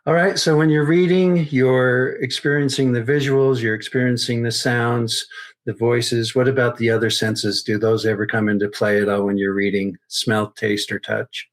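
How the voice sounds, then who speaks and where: A man's voice: medium pitch, level tone, normal speed. A man hosting a podcast, asking questions methodically and often restarting his phrasing. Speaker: podcast host and interviewer. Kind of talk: interview questions.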